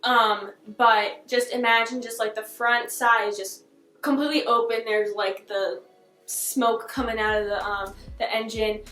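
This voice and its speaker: A young woman vlogger telling a childhood story in a casual, animated way, laughing often and full of fillers. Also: a little high, unhurried. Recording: echoey room with faint music.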